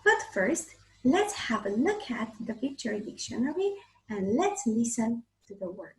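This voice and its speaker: A woman with a Romanian accent, an English teacher, reading a storybook aloud to children in a slow, clear way. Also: a little high, big pitch swings. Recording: echoey room.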